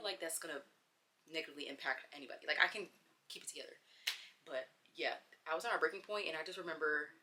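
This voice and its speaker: A young woman speaks to her camera at home in a relaxed girl-talk storytime between bites of food. Her voice is bright and forceful but sits slightly low, and she rambles candidly, circling back with fillers and restarts. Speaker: vlogger. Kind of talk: casual girl-talk storytime while eating. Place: at home, wearing a bonnet.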